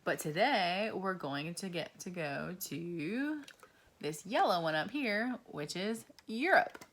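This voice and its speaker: A woman in her twenties or thirties gives a slow, encouraging lesson to young children and asks them questions. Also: on the low side, animated, fairly bright tone. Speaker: preschool teacher.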